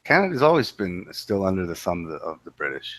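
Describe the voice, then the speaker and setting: Casting note: blunt, emphatic man, bright voice, lively pitch. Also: fast talker. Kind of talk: casual chat.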